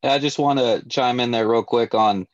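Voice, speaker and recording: A man's voice: medium pitch, normal speed, no echo, lo-fi sound. A man chiming in casually on a sales training show, rambling with lots of "you know" and "um". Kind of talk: casual chat.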